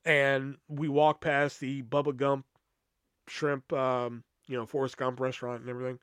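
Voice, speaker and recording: A man's voice: medium pitch, flat delivery, moderate pace, a bit bright, clean tone, no room sound. A young man hosting a podcast, telling a rambling, swear-filled story with lots of fillers. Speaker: podcast host. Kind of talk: casual comic storytelling.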